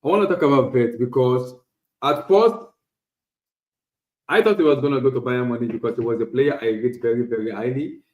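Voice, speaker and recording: A man hosting a casual solo football talk stream, animated and repetitive, often restarting phrases. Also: mid-range voice, brisk, roomy sound, narrow, tinny audio. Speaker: podcast host. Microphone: streaming setup.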